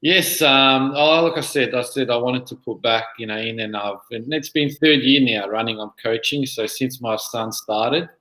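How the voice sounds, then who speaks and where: Aussie guy mid 30s, relaxed and rambling, roomy echo on the mic. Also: medium pitch, normal speed, hardly any pauses. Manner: relaxed, lots of "you know" fillers. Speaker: guest. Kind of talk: casual interview.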